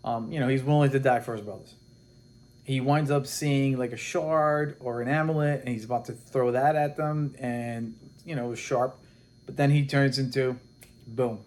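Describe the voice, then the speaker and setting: A man casually recapping a comic book plot, animated and rambling, acting out the characters' lines as he goes. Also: medium pitch. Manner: rambling and animated, with many restarts and quoted dialogue.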